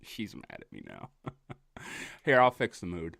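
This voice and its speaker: A man co-hosting a podcast, telling crude stories in a casual, animated way. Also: sits low, takes it slowly, vocal fry, no room sound. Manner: animated, crude, laughing storyteller. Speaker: podcast co-host. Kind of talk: casual storytelling chat.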